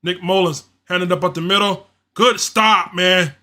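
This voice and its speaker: High bright-voiced guy doing casual play by play on a fan stream, frustrated and slangy. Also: fairly even intonation, a little slow. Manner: frustrated, repetitive, slangy, ranting. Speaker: livestream host doing play-by-play.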